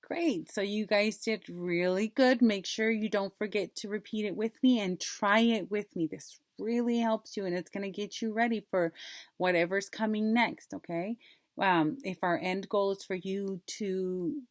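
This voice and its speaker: Slow, patient woman teacher, dry close sound. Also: mid-range voice, steady tone, no echo. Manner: slow, clear, drawn-out word modeling with repeat prompts. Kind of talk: phonics lesson for young children.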